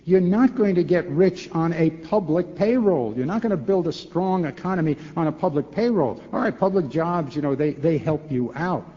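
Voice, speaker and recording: A man in his sixties, a former governor, answering a question at a forum with animated, rhetorical talk, acting out both sides of dialogues and repeating words as he restarts. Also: a little high, moderate pace, few pauses. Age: 60s. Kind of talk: lecture-hall Q&A answer. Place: large lecture hall. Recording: echoey hall, dull lo-fi tape.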